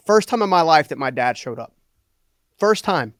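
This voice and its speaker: Animated storytelling man, fairly high voice. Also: moderate pace, pauses often, no echo, studio quality. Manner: animated storyteller who repeats "right?" for emphasis. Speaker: guest, entrepreneur and motivational speaker. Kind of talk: personal storytelling in a podcast interview.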